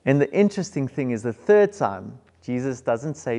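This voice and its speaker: South african pastor preaching, earnest n emphatic, mid pitch, long echo from the church hall. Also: male voice, lively intonation, moderate pace, few pauses, dark tone. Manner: earnest, emphatic, repeats key words. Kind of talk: sermon.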